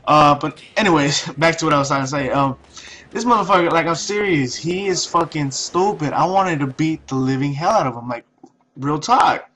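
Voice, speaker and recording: A man's voice: on the high side, normal speed, pushed and bright. A young man telling a story over gameplay in a casual, profane, ranting way, with many restarts. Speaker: video commentator.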